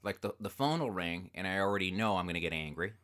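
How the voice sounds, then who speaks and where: A deep-voiced man co-hosts a casual podcast, talking fast. He rambles, swears and gets excitable as he goes.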